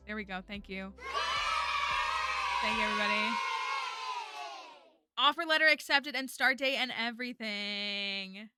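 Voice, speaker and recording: A woman streaming a game, talking casually and rambling with lots of fillers. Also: mid-range voice. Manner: chatty, rambling, many fillers like "like" and "um". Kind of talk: casual gameplay chat.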